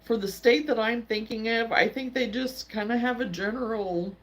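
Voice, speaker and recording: A woman hosting a crafting livestream, chatting casually and in a halting way as she replies to viewer comments. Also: on the high side. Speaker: livestream host. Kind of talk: casual chat while crocheting.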